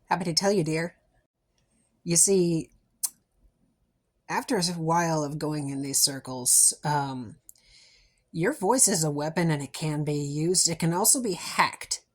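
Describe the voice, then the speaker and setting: A woman's voice: sits low, unhurried. A young woman with a sore throat telling a story in a chatty, playful way, with lots of fillers. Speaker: vlogger. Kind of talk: casual storytelling to camera.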